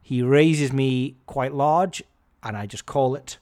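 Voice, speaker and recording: A man hosting a podcast, telling a story in a casual, animated, wry and self-mocking way. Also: mid-range voice, takes it slowly. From Scotland. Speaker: podcast host.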